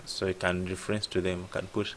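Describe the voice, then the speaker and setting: Speaking fast in a low, level voice over slight background noise, a man tutors app programming in a casual screen-share coding lesson. He thinks aloud and asks himself "what?" before answering his own question.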